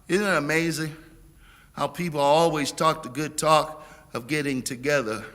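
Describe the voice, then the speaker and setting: A middle-aged man giving a sermon as guest preacher, with a preaching cadence, repeated words and a build to shouting. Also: on the high side, fairly even intonation, moderate pace. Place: church sanctuary. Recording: long church reverb.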